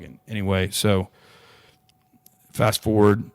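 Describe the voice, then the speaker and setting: A man's voice: deep voice, level tone, a little slow, gravelly, long pauses, darkish tone, no room sound. A young man, a podcast guest, telling a personal story in an earnest, rambling way with many restarts.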